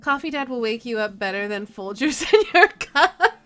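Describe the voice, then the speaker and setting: A woman's voice: a little high, lively intonation, moderate pace, fairly bright tone, faint music behind. A woman voicing a laid-back hipster coffee-shop dad, putting on a French accent as she reads his rambling, self-deprecating lines. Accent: put-on French. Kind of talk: reading game dialogue aloud.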